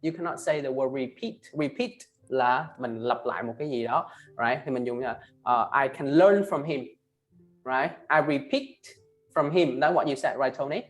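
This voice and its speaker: A male English teacher with a Vietnamese accent leads an online class. He models each word slowly and tags most phrases with "right?" or "huh?". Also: mid-range voice, soft background music. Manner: ends phrases with tag questions "right?" and "huh?"; slow, emphatic model pronunciations. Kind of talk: online class, pronunciation drilling.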